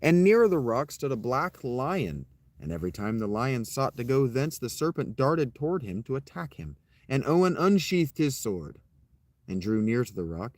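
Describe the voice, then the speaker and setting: A man reads an old legend aloud and keeps stepping out of it to joke and swear about the story. His pitch swings widely as he goes. The sound is dry and close. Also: moderate pace, no room sound. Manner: irreverent, swears in asides, animated. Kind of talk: reading an old tale aloud with casual asides.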